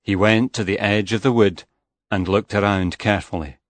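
A man reading a first-person story aloud in a slow, measured and even way. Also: on the low side, dry recording. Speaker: audiobook narrator.

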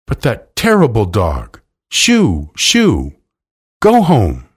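A man voicing a fussy, anxious woman who frets over her dog, shrill and scolding. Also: wildly swooping pitch, a little slow, a little mellow, full character voice.

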